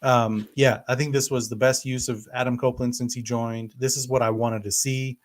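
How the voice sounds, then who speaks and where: A man's voice: mid-range voice, flat delivery, normal speed. Easygoing, hesitant male podcast co-host. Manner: easygoing, hesitant, many fillers. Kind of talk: casual wrestling podcast chat.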